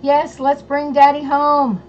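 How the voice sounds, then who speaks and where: A woman's voice: high voice, monotone, takes it slowly. A woman hosting a casual livestream, bubbly and gushing as she greets chatters by name. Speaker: livestream host. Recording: dull lo-fi sound with faint noise.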